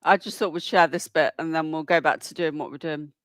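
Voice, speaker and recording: A man's voice: on the high side, fairly even intonation, brisk, a bit bright, no room sound, studio quality. A man hosting a livestream, chatty, greeting viewers by name and explaining the clip he is showing. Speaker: livestream host. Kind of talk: casual livestream commentary.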